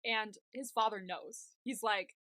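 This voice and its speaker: Young woman, podcast co-host, bright voice, dry close sound, animated casual recap. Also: medium pitch, unhurried, no room sound. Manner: animated retelling with frequent "like" and fillers.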